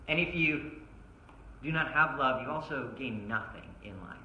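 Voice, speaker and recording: A man's voice: mid-range voice, pushed and bright, muffled recording, slight background noise. A man preaching a sermon at a church service, emphatic and asking his listeners one rhetorical question after another. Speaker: pastor. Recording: roomy echo.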